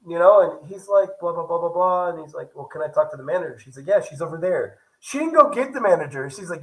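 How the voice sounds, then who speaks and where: Animated man telling a travel story. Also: fairly high pitch, moderate pace, poor audio. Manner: animated, acts out quoted dialogue. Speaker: travel vlogger. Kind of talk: casual storytelling vlog.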